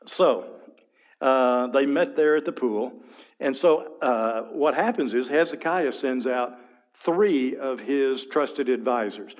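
A man's voice: mid-range voice, slow pace. Conversational male Bible study teacher. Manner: conversational, vivid, asks listeners to picture scenes; frequent throat clearing.

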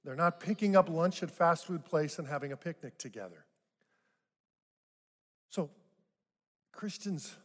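An older man preaching a sermon as pastor, conversational, with rising emphatic bursts on key points. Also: on the high side. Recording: long hall reverb.

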